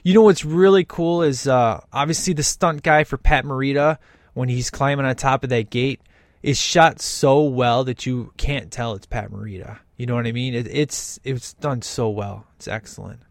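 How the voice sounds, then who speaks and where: Host, male, eager watch-along commentary, mid pitch, dry close sound. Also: normal speed, no room sound. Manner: excited, enthusiastic, imitates characters. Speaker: host reacting to a film.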